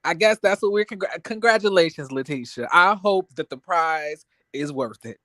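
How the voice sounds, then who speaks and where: A man's voice: on the high side, expressive, moderate pace, a bit bright, no room sound. A man in casual reality TV recap chat, blunt and profane, acting out scenes as he rants. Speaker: co-host.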